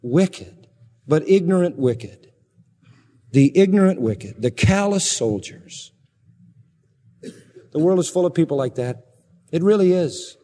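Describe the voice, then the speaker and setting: A man preaching a sermon, swinging between loud emphatic passages and hushed, quiet ones. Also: on the high side, lively intonation, slow, long pauses, long reverb tail. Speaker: pastor.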